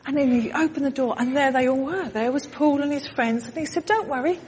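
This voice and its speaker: A woman leading a children's story drama in a church, animated and directing the congregation to join in. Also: high voice, fairly quick, big-room sound, a little hiss or hum. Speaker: children's talk leader. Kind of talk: storytelling with audience participation. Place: church hall.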